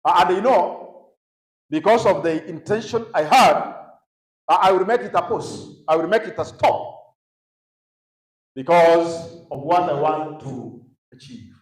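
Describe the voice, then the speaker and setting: A man's voice: a little high, a little slow, pauses often, reverberant, low-quality recording. A man with a Kenyan accent teaching young people at a conference, often prompting the audience to finish his sentences and slipping in Swahili phrases. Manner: mixes English with Swahili phrases. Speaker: youth conference speaker. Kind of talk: teaching a session to a youth audience. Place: large echoey conference hall.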